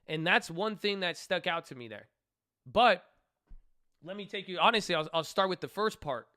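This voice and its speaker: A man's voice: high-pitched, animated, moderate pace, pushed and bright, dry recording, studio quality. A man casually reflecting on a scripture passage he has just read. He talks in a candid, rambling way and often corrects himself mid-sentence. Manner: stumbles over names while reading aloud. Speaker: channel host.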